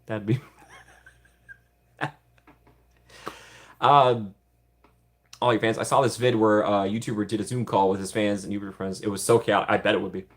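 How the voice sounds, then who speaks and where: Chatty low-voiced man. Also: fairly even intonation, moderate pace, pauses often. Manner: chatty and playful, giggles often. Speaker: streamer answering live chat. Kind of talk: casual livestream chat.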